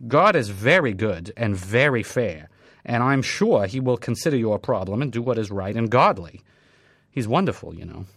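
Brisk, officious woman receptionist on the phone, voiced by a male reader, polite and lively. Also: lowish voice, breathy edge, no echo, clean studio sound, voice pushed down, heavily acted. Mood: chirpy formal. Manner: prim, breezy, scripted politeness.

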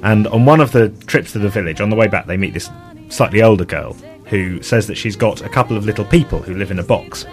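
A man presenting a casual radio chat show, retelling a children's story with many pauses and restarts. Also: lowish voice, soft background music. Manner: hesitant, many ums and restarts.

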